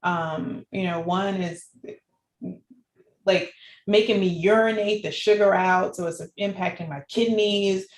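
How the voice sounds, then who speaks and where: A woman guest in an interview, telling her personal story in an animated way and laughing often. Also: medium pitch, unhurried. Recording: echoey room with faint background noise.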